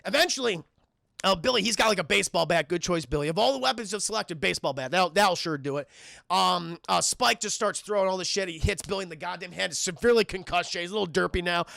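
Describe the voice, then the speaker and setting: A man recapping a film scene by scene for his live chat, animated and profane, acting out the characters as he goes. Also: high voice, fast, gravelly, no echo, clean studio sound. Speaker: streamer and film reviewer.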